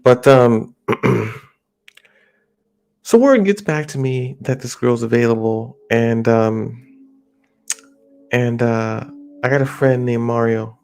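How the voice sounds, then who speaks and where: A man's voice: mid-range voice, slow, vocal fry, long pauses, darkish tone, smooth, soft background music. A man casually telling a rambling personal story at home, slipping into his friends' voices as he quotes them. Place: home near a highway.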